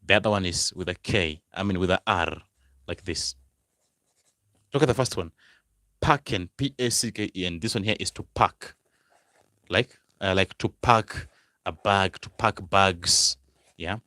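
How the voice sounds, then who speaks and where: Guy tutoring german words, super slow and repetitive, bright tense voice, dry room. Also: low voice, no echo. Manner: slow, repeats each word several times and asks the viewers questions. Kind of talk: teaching German vocabulary.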